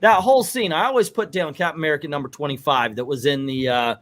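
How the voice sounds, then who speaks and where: Rambling man reviewing comics, slightly high voice. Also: fast talker. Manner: rambling, animated, ranting. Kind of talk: live comic review commentary.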